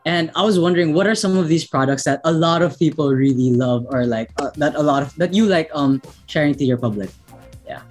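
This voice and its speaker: A woman with a notably low voice asks friendly, meandering questions. Faint music plays behind her. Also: a little fast, darkish tone. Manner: friendly, rambling questions with fillers. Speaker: co-host. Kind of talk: casual interview chat.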